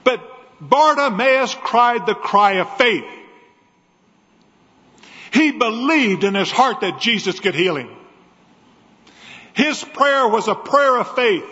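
A man's voice: high voice, lively intonation, measured pace, long pauses, pushed and bright. A man preaching a sermon, telling a story with great passion. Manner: impassioned storytelling. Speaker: evangelist preacher. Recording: dull echoey sound in a large hall.

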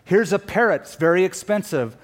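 A chatty, upbeat pet store owner who talks like a salesman, as a preacher acts him out in a joke. The voice runs a little high and quick. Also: lively intonation. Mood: salesy.

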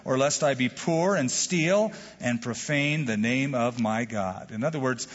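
Husky male pastor preaching in a reverberant hall. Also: medium pitch, moderate pace. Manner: animated, acts out quoted prayers with jokes. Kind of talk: sermon. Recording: dull lo-fi sound with hall reverb.

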